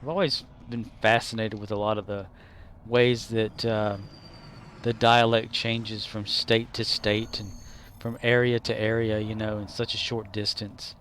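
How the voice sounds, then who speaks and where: A man's voice: lowish voice, level tone, measured pace, a bit bright, slight background noise. Rambling, jokey man streaming a game. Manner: rambling, jokey, laughs at his own bits. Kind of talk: casual live-stream chat.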